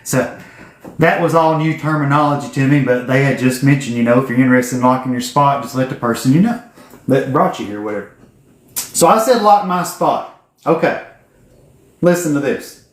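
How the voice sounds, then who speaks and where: A man's voice: mid-range voice, normal speed, long pauses. A man, telling a folksy, profane story to camera. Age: 40s. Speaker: vlogger telling his business story. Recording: echoey room.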